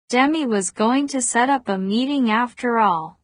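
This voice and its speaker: A woman narrating a novel as an audiobook in a measured, even reading voice. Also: a little high, dry recording. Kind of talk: scripted narration.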